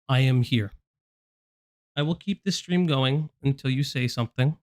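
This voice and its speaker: Man, stream host, blunt, confrontational, middle pitch, dry close sound. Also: moderate pace, pauses often, no room sound. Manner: blunt and confrontational, addressing someone directly. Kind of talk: casual live-stream commentary.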